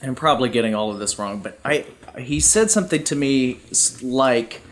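A man's voice: mid-range voice, normal speed, a little hiss or hum. A man hosting a casual chat, asking long, rambling questions that hedge as he goes.

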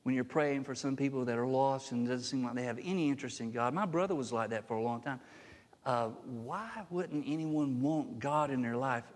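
A man preaching a sermon as a pastor, emphatic, with his pitch climbing sharply when he voices the words he quotes. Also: fairly quick. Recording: long hall reverb.

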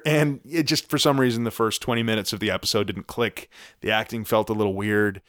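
A man's voice: lowish voice, fairly even intonation, brisk, fairly bright tone. A man co-hosting a podcast, easygoing and self-mocking in casual banter. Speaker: podcast co-host.

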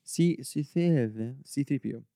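Eager trivia-telling man, dark-toned. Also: fairly high pitch, moderate pace, gravelly. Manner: enthusiastic, trivia-led storytelling. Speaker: podcast host. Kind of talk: casual film chat.

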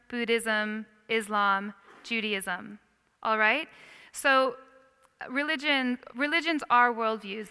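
An American woman teaching in a Christian setting gives a lively, engaging lecture, pausing often to ask her listeners questions. Her slightly high voice is crisp and smooth with a bright edge, and a long reverb follows each phrase as if in a large hall.

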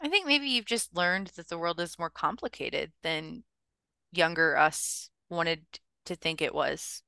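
A woman's voice: on the low side, unhurried, gravelly, sharp tone, clean tone, dry recording, studio quality. A woman co-hosting a podcast, musing in a casual, wry and rambling way. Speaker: podcast co-host. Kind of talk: casual chat.

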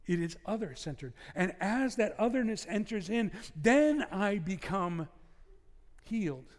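A man delivering a sermon in a relaxed, talky way, dropping in asides and jokes between scripture readings. His voice sits a bit high for a man. The sound carries a long reverb, as in a large church. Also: a little slow. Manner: conversational preaching with asides and humor. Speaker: pastor.

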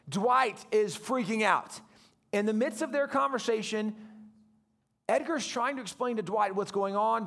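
Male guest pastor, animated storyteller, very high voice with a gravelly edge. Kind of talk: storytelling sermon.

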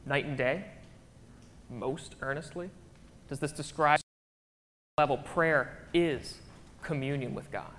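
A man's voice: fairly high pitch, a little slow, fairly bright tone, slight background noise. A man preaching a casual, conversational sermon in a church, often checking in with his listeners. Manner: chatty, keeps checking in with the crowd. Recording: long hall reverb.

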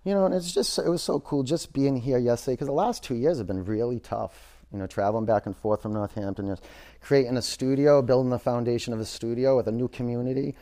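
A man leads a yoga class in a studio, cueing poses in a relaxed, loose way with plenty of fillers. His voice is gravelly with some creak and sits at a medium pitch. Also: quick pace. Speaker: yoga teacher.

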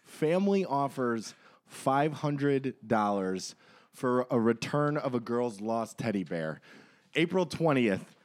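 Man, sarcastic podcast co-host, crude jokes, mid-pitched voice. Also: sing-song, takes it slowly, a little mellow. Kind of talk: casual chat, reading news stories aloud.

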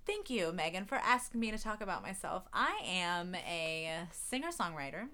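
A woman's voice: fairly low pitch, very animated, normal speed, bright, forceful tone. A young woman from North Carolina with a mild Southern accent, co-hosting a podcast in playful, joking casual chat. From North Carolina, USA. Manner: playful, joking, laughs often. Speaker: podcast co-host, singer-songwriter.

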